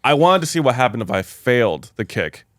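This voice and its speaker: A man's voice: mid-range voice, brisk, no room sound, studio quality. Casual swearing male podcast host. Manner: relaxed, swears freely. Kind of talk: casual chat.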